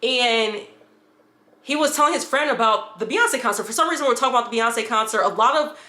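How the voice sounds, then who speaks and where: A woman's voice: on the high side, brisk, sharp tone, roomy sound. A woman from upstate New York telling a rambling personal story, with frequent restarts and asides. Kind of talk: casual storytime.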